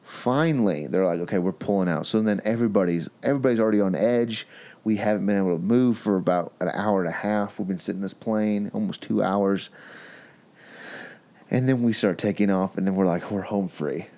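A man's voice: fairly low pitch, brisk. A young man on a podcast, telling a story in casual chat and acting out what other people said. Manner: animated storyteller, acts out other people's lines. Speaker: podcast host.

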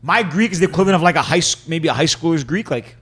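A Canadian man co-hosts a podcast in a slightly high voice. He teases his friends, cuts in often and keeps calling people "bro.". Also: animated, fast, a bit bright, breathy edge. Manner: teasing, interjects, says "bro". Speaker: podcast co-host. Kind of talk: casual podcast banter.

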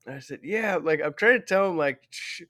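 A man's voice: a little high, lively intonation, quick pace, bright, forceful tone. A man who is a guest on an interview show, telling a story in a rambling, heartfelt way and often correcting himself.

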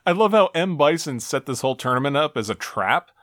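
Man, casual co-host, wry reader of quotes, animated pitch, dry close sound. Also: brisk, dry recording. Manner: reads game text aloud with dry wry delivery. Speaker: podcast co-host. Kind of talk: casual retro game discussion.

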